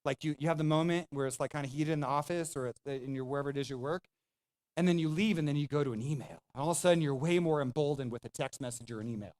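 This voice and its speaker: Pastor guy preaching, emphatic and chatty, talks right to the crowd, kinda high voice. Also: quick pace, darkish tone. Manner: emphatic, conversational preaching with direct address. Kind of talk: sermon.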